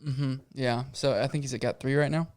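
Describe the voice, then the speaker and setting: A man's voice: mid-range voice, steady tone, moderate pace, a little mellow, smooth. A man co-hosting a casual sports podcast, upbeat and chatty, laughing easily with his co-host.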